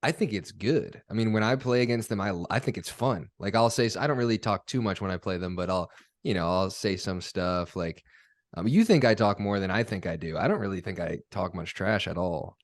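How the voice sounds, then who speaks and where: A young man hosting a podcast, chatting casually in a relaxed, rambling, self-deprecating way. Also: low-pitched, brisk, no echo, clean studio sound. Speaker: podcast host and pro player.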